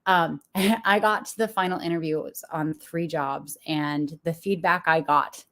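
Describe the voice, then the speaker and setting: A young adult woman with a slightly low-pitched voice speaks to her viewers as a business coach. She talks frankly and confessionally, breaking into frequent small laughs. Her tone stays candid and motivational. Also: steady tone, unhurried, fairly bright tone.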